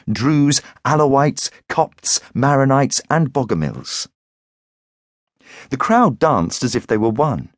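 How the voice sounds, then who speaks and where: A man narrating an audiobook thriller in a measured, grave storytelling manner. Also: mid-range voice, dry recording, clean studio sound. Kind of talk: scripted narration.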